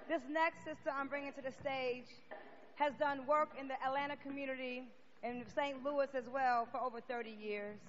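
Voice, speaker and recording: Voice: high-pitched, a bit bright, in a large hall, dull audio, a little hiss or hum. A show host introducing a poet on stage and hyping the crowd afterward. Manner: hyping, exclamatory.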